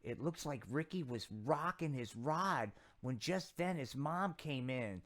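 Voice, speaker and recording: A man's voice: a little high, animated, unhurried, a bit bright. A man voicing a goofy, wholesome boy puppet who talks in folksy gee-golly exclamations in a comedy puppet sketch. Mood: chipper.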